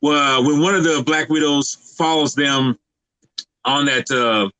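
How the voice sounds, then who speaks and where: A man on a podcast giving a casual, halting movie recap full of fillers and restarts. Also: a little high, fairly even intonation, sharp tone, clean tone, no room sound, low-quality recording. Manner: rambling, halting with many fillers. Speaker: podcast co-host.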